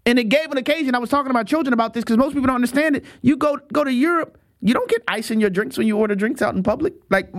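An American man hosting a talk show monologue, emphatic and animated, acting out quotes as he goes. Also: very high voice, fast talker, few pauses. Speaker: show host.

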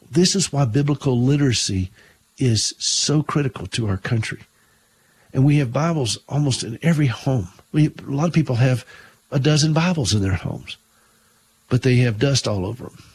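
A husky man hosts a Christian talk radio program. He preaches in earnest and tells stories along the way, often stumbling and repeating words as he starts a thought. His voice sits at an ordinary middle pitch. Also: a little mellow.

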